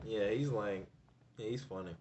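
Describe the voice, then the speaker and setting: A man's voice: on the low side, moderate pace, a little mellow, muffled recording, slight background noise. A man co-hosting a reaction video, laughing along and making short amused remarks. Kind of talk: casual reaction chat.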